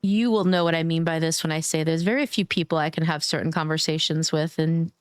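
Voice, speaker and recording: A woman's voice: sits low, steady tone, brisk, clear, resonant tone, no echo, studio quality. A woman streamer chatting casually while gaming, affectionate and gushing, cursing now and then.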